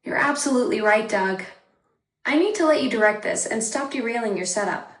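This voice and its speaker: A woman's voice as an AI companion, giving smooth, agreeable, apologetic conversational replies. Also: fairly high pitch, expressive, fairly quick, reverberant, low-quality recording.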